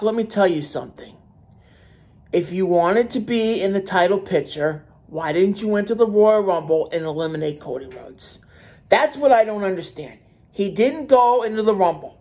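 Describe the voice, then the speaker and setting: A man whose voice is high-pitched and a little mellow holds forth alone on his wrestling commentary channel. The opinion rant is heated and emphatic, full of repeated points and restarted words.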